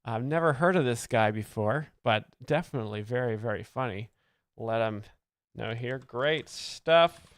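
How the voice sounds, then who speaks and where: Deadpan mock-earnest male commentary host. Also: medium pitch, normal speed, dry recording, studio quality. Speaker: comedy video host. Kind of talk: satirical comedic commentary.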